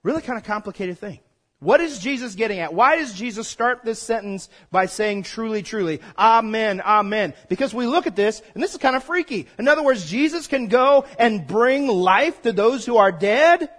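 A man's voice: sits high, lively intonation, moderate pace, a bit bright. A man preaching a sermon as pastor, conversational and folksy, prompting the congregation to call back.

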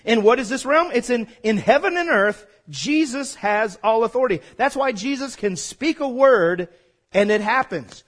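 A man's voice: very high voice, expressive, measured pace, fairly bright tone. A man preaching a sermon as pastor, conversational and folksy, prompting the congregation to call back.

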